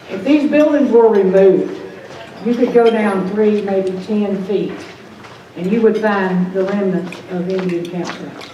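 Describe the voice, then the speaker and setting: An older woman speaks in a folksy, talkative way, her voice mellow. She is heard from a distance in a very echoey hall, faint dish clatter behind. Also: mid-range voice, muffled recording, slight background noise. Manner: chatty, folksy. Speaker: presenter. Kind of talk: public talk. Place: event hall during a dinner.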